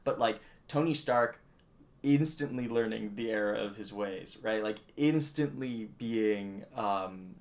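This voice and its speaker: A man with a fairly low voice, co-hosting a loose movie review podcast. He gets animated as he goes, stumbling through restarts and filler words, and laughs easily. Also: takes it slowly. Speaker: podcast co-host. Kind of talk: casual movie review chat.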